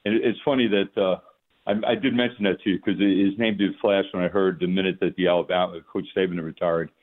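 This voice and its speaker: An older man from the New York area is on the line as a guest on sports radio. His voice sits deep and comes through thin and phone-like. He talks in a halting way, restarting sentences and filling the gaps with "uh" and "you know.". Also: fairly even intonation. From New York metropolitan area. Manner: halting, many fillers and restarts. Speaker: former NFL coach, radio guest. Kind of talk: casual radio interview.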